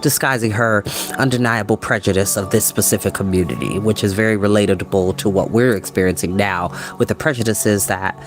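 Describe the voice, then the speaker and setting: A man's voice: fairly low pitch, a little fast, over music. Man reading a novel aloud. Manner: thoughtful, stumbles on hard words. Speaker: storyteller.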